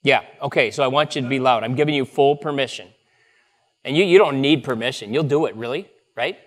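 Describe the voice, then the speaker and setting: A man's voice: medium pitch, brisk, a bit bright. A male pastor leading a prayer and then an upbeat, playful children's message at a church service. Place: church sanctuary.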